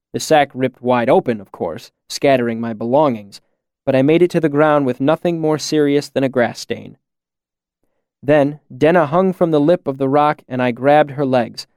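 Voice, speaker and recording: A man narrating a novel as an audiobook, with measured and even storytelling. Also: medium pitch, clean tone, dry recording, studio quality. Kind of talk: scripted narration.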